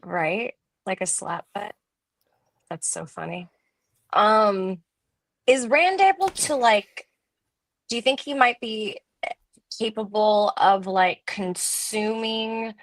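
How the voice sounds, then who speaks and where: A woman's voice: mid-range voice, dry recording, low-quality recording. A woman co-hosting a casual book chat, talking hesitantly with many fillers and giggles. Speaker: podcast co-host.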